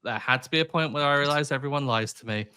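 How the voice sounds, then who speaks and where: A man co-hosts a podcast, chatting casually in a wry, self-deprecating way. His voice sits mid-range with a bright edge. The recording is close and dry. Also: medium pitch, fast talker, clean tone, dry recording. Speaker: podcast co-host.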